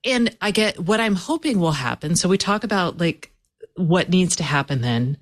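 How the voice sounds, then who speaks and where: A woman's voice: on the low side, lively intonation, normal speed. A woman journalist co-hosting a casual talk show, earnest and exasperated as she pushes back. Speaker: journalist co-host. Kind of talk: casual chat.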